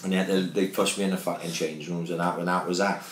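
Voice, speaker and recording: In a deep voice with flat delivery, a former footballer from Wales speaks fast through casual, swear-laden podcast stories. The recording has a roomy echo and a little hiss or hum.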